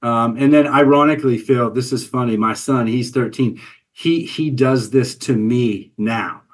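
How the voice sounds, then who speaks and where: Earnest forties man, podcast guest, mid-pitched voice, stumbling restarts. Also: a little slow. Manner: earnest, repeats words as he talks. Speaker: podcast guest, business coach and father. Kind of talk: casual interview conversation.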